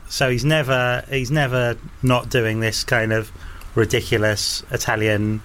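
A man's voice: medium pitch, little pitch movement, unhurried, a bit bright, a little hiss or hum. A man co-hosting a casual podcast chat, easygoing and amused. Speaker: podcast co-host.

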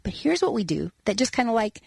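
A woman author, a guest in an interview, telling a personal story in an earnest, animated way. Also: fairly high pitch, fast, gravelly, breathy edge, no echo.

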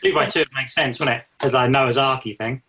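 A man co-hosting a podcast in easy, casual chat. He muses about films in a relaxed way, leaning on fillers. His voice sits at an ordinary middle pitch. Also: brisk. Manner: relaxed, reflective, uses many fillers. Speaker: podcast co-host.

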